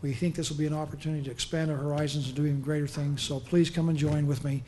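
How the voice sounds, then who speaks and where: A man's voice: fairly high pitch, little pitch movement, rapid-fire, mellow. A man giving an earnest, upbeat public speech as a governor at a press conference. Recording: echoey room, faint noise.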